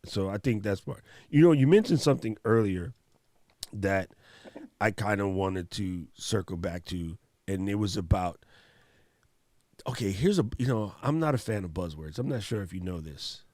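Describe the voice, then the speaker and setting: A man's voice: lowish voice, normal speed, no room sound. A man hosting a casual conversation, telling stories in a loose, slangy way. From Hawaii. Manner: animated storytelling, slangy. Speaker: host.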